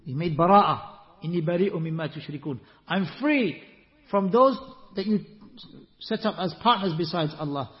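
A man giving an Islamic lesson, explaining verses and reciting Quran passages, animated, with rising rhetorical questions. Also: high-pitched, moderate pace. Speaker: Islamic teacher. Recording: echoey hall, muffled lo-fi sound.

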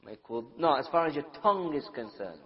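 A British Islamic preacher gives a religious lecture to a live audience, putting questions to them and acting out everyday quarrels. His voice is a little high and expressive, his pace a little fast, and the dull, lo-fi recording has a long reverb tail.

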